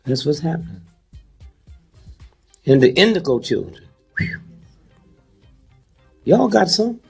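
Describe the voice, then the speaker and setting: Slowly and in a sing-song way, a man in his eighties lectures a live audience with humor, repeatedly prompting them with "huh?" and "hmm?" His voice is on the high side yet creaky, darkish, and husky, with soft music in the background.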